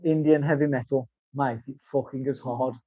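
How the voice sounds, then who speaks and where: Chatty, swearing bloke, dull lo-fi sound. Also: male voice, mid-range voice, steady tone, normal speed, warm tone, dry recording. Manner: chatty, swears freely, tells rambling stories. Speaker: tattoo artist. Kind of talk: casual chat while working. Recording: dull lo-fi recording.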